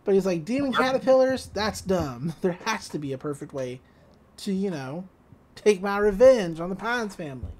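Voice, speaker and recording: A woman co-hosting a podcast, casually recapping a cartoon episode, laughing often and slipping into quick voices for the quotes. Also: lowish voice, slight background noise. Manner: giggly, animated retelling with quick voices for quotes. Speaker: podcast co-host.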